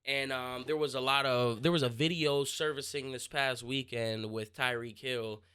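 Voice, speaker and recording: A young man hosting his own sports podcast, talking casually and answering listener questions, pausing and restarting mid-thought as he works out what he wants to say. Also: mid-range voice, fairly even intonation, pushed and bright, clean tone. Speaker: podcast host.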